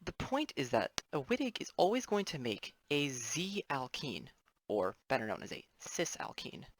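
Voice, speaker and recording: A man's voice: mid-range voice, huge pitch swings, moderate pace, slight background noise. A young man, a student, giving a casual explainer lesson over his drawings, rambling with offhand apologetic asides. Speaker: student presenter.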